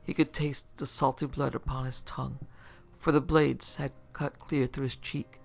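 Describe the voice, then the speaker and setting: Brief: man narrating horror, gravelly, measured, lo-fi. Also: medium pitch, little pitch movement. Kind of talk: scripted horror audiobook narration. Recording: dull lo-fi recording.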